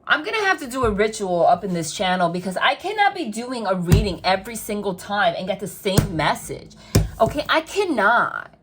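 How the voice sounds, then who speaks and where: A woman reads tarot cards for her viewers in a chatty, emphatic way. She speaks straight to the listener and keeps repeating her phrases. Her voice sits at an ordinary middle pitch for a woman. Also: sing-song, fairly quick, few pauses, a little hiss or hum. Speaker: tarot reader. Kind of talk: tarot reading to camera.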